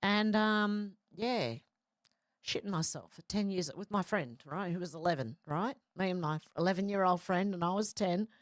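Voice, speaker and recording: A woman's voice: fairly low pitch, normal speed, dry recording, clean studio sound. Chatty woman reading livestream comments. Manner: rambling, with fillers and restarts. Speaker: livestream host reading chat. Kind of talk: casual livestream chat.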